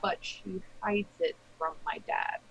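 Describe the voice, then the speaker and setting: A woman's voice: mid-range voice, fairly even intonation, measured pace, vocal fry, a bit bright, slight background noise, poor audio. A woman player in a tabletop game on a live stream, explaining her character's background and actions.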